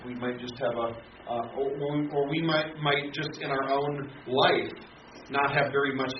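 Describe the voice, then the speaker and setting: A man teaching a Bible study class, pausing often with repeated words and fillers. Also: a little high. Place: classroom or church hall. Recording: roomy, distant, dull, noisy room recording.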